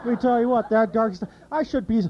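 A man doing an impression of a rambling older male sportscaster who clears his throat and jumps between topics, on an outdoor fair stage. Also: extremely high pitch, fast talker, lo-fi sound, a little hiss or hum. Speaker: impression contest contestant.

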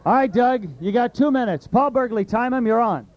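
A man's voice: extremely high pitch, normal speed, highs cut off. A man hosting and emceeing a live impression contest at a fair in an upbeat, announcing manner. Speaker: radio host and contest emcee. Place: outdoor fair stage.

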